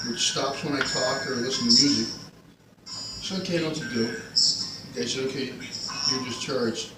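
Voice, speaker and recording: A man's voice: medium pitch, steady tone, moderate pace, pauses often. A tired older man from New Jersey, rambling and joking in a vlog monologue. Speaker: vlogger. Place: grocery store cafe. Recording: roomy, distant phone mic, loud music.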